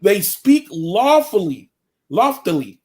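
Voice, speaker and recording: A man reads scripture verses aloud, slowly and deliberately, pausing over the words. His voice is pitched high for a man. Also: sing-song, darkish tone. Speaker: scripture reader.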